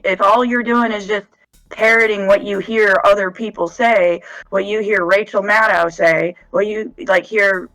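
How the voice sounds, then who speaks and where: A woman's voice: medium pitch, poor audio. Emphatic woman podcast co-host. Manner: animated, emphatic, repeats points. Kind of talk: casual chat.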